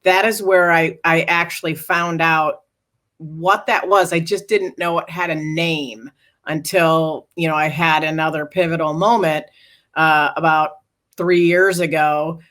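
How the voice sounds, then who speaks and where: A woman's voice: low voice, a little slow. A middle-aged woman, a guest author and speaker, earnestly recounting a personal story in an interview. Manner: earnest, animated retelling with acted quotes.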